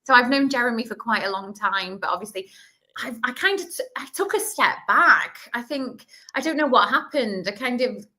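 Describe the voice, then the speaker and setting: A woman's voice: on the high side, expressive, bright, forceful tone. A woman from Yorkshire with a Yorkshire accent and a slight Welsh twang, chatting casually and rambling as a guest on a live stream over a video call. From Yorkshire, England. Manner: chatty, rambling, quick asides. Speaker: guest psychic.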